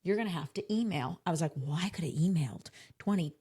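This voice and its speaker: A woman's voice: fairly low pitch, lively intonation, fast talker, warm tone, breathy edge. A young woman co-hosting a casual podcast, venting about service with bursts of laughter. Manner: vents with laughter, quotes others. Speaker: podcast co-host.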